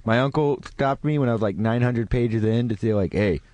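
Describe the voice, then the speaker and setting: A man's voice: mid-range voice, a little fast, dry recording. A man co-hosting a podcast, chatting casually and teasing the guests. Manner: joking, teasing, animated. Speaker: podcast co-host. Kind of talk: casual chat.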